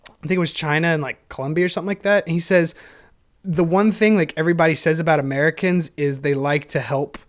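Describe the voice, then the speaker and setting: A young man hosting a solo podcast, rambling in a self-deprecating, energetic way and laughing often. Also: fairly high pitch, quick pace. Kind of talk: rambling casual monologue.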